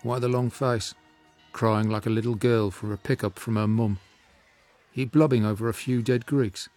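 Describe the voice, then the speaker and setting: A man's voice: medium pitch, steady tone, moderate pace, faint music behind, lightly acted. A man playing a volatile Brummie Achilles. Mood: scornful. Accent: Birmingham. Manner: volatile, swinging from sulky mutters to shouting. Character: proud sulking Greek warrior hero, man. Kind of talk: radio drama acting.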